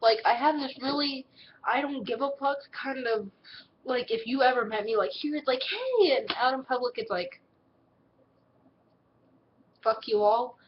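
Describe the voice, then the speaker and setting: A teenage girl with a twang and a fairly high voice, answering fan questions in a casual home vlog. She talks bluntly, swears freely and slips into quick put-on voices when quoting people. The recording is a little dull and has a faint hiss under it. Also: fairly even intonation. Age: teens. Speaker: vlogger answering viewer questions.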